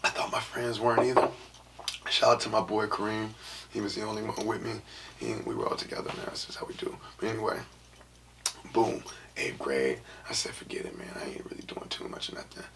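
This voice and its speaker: Gravelly low-voiced man telling stories. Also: fairly quick, fairly bright tone. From San Francisco, USA. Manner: loose, rambling, heavy filler phrases, drops into half-whispered asides. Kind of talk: casual storytelling monologue.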